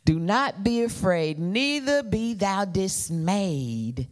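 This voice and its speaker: A woman preaches a sermon with a lively voice that swoops high and low. She speaks slowly and draws out her words, playfully calling on the congregation to repeat after her. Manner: playful, calls for congregation responses.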